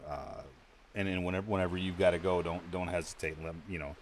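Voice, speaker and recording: Deep-voiced stammering gamer guy. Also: steady tone, quick pace, a little hiss or hum. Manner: rambling, stammers and repeats words, swears casually. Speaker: streamer playing an online game. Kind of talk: casual gaming chat.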